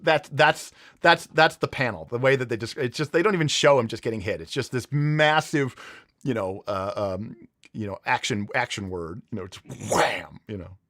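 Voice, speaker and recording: This livestream host speaks at a normal speed in a medium-pitched, fairly bright voice. His storytelling is casual, rambling and eager, packed with fillers and false starts. The recording is dry and studio-grade.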